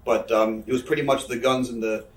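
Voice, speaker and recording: A man's voice: mid-range voice, fairly even intonation, fairly quick, distant mic. A man, telling rambling, profane backstage stories in a casual interview. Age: 30s. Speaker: interview guest, wrestler. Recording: echoey room, off-mic.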